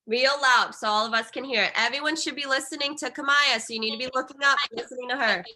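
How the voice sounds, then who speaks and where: Bright-voiced woman teaching a reading class. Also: sits high, fairly even intonation, fast, a little hiss or hum. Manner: encouraging, repeats instructions, checks in with "okay?".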